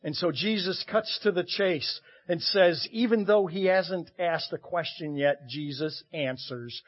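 A pastor delivers a sermon, his husky, slightly high voice swelling for emphasis and dropping low for asides. He leans on dramatic pauses. The recording is muffled and lo-fi. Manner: expressive, swinging between loud emphasis and quiet asides.

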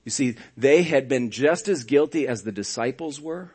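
A man preaching a sermon as a pastor, telling the story dramatically, swinging between hushed and loud lines with sarcastic asides. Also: mid-range voice, expressive, normal speed, husky.

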